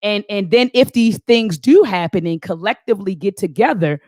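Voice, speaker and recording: A woman hosts an impromptu live online talk, responding to viewer comments with fervent, preacher-like conviction. She repeats phrases and thinks aloud while warmly addressing her listeners as "family." The voice is mid-pitched and recorded close and dry. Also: animated, moderate pace, few pauses, no room sound. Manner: impassioned, preacher-like, calls the audience "family".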